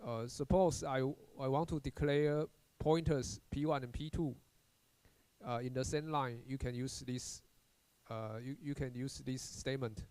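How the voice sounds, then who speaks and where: A man teaching a recorded university programming lecture, halting as he explains, often repeating words and restarting with "uh" fillers. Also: medium pitch, steady tone, darkish tone, smooth, no room sound.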